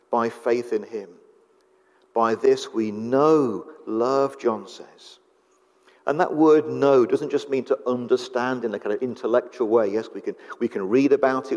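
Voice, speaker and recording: A man preaching a sermon in a slow, earnest manner with deliberate pauses. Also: mid-range voice, a little mellow. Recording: long hall reverb.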